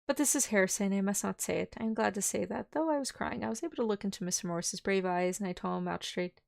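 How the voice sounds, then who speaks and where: Woman streamer, reads a novel aloud with playful giggly asides; gravelly voice, mid pitch. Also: fast talker. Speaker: vtuber streamer.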